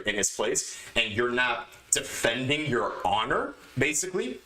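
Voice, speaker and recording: A man's voice: medium pitch, bright, forceful tone. A man hosting a podcast, giving emphatic, lecturing advice in a casual monologue. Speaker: podcast host. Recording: echoey room.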